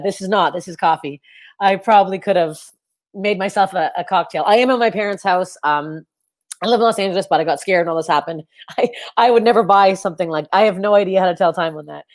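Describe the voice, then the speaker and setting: A woman in her thirties performs stand-up into a webcam at home. She rambles and runs herself down, now and then jumping into loud, squeaky outbursts. Her nose is stuffed and sniffly. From Canada. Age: 30s. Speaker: stand-up comedian. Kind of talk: stand-up comedy on a video call. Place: her parents' house, indoors. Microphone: webcam on a video call.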